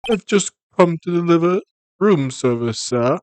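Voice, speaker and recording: A man voicing a polite, formal male hotel bellboy who talks in halting, over-courteous phrases. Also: a little high, lively intonation, noisy background. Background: video game music.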